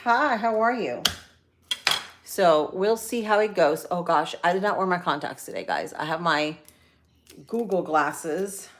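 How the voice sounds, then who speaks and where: Middle-aged woman, cooking vlogger, slightly low voice, chatty and rambling, home kitchen. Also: animated, unhurried, a little hiss or hum. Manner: chatty, rambling, frequent fillers and asides to viewers. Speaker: cooking vlogger on a live stream. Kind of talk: casual chat while cooking.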